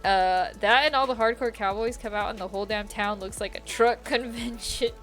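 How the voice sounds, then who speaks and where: A woman's voice: fairly high pitch, fairly even intonation, moderate pace, fairly bright tone, soft background music. A young woman streaming a game, chatting casually, giggling often, with slang and swearing. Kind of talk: casual chat while gaming.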